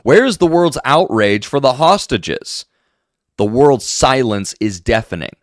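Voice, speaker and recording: A man's voice: mid-range voice, expressive, a little slow, dry recording, studio quality. A man hosting solo political commentary, indignant and ranting passionately.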